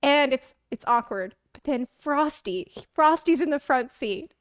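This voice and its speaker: A woman streamer telling a story casually on a stream into a close mic, animated, laughing often and acting out the quotes. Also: high voice, measured pace, no room sound.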